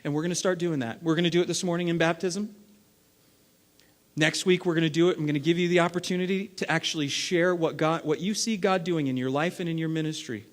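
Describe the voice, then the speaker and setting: A man preaching a sermon as lead pastor, acting out everyday scenes and swinging between loud bursts and hushed stretches. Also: a little high, fairly even intonation, quick pace. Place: church sanctuary. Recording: long reverb of a large hall.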